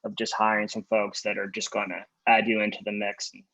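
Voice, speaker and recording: A man's voice: on the low side, completely flat delivery, fairly quick, fairly bright tone, poor audio. A man speaking as a guest in a casual interview, emphatic and confident, talking like a self-described contrarian. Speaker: guest, design agency founder.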